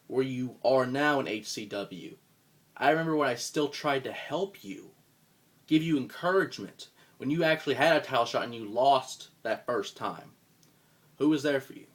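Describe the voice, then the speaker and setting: A man roleplays a scripted wrestling promo, profane and contemptuous, lurching from low mutters to loud outbursts.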